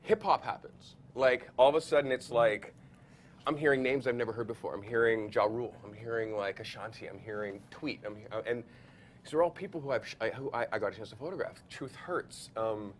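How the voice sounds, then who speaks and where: A man in his forties, a photographer, telling stories as a podcast guest, acting out quotes with big jumps in pitch and frequent laughs. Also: a little fast, slight background noise. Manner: acts out quoted voices, jumps high in pitch, laughs often, many filler likes. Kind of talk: animated storytelling in a podcast interview. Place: podcast studio.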